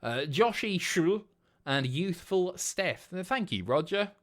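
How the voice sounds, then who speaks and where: A man in his thirties chats casually while hosting a livestream. His voice is lively and bouncy in pitch, and his talk is blunt, sweary and sardonic. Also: takes it slowly. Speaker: livestream host. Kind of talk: casual stream chat.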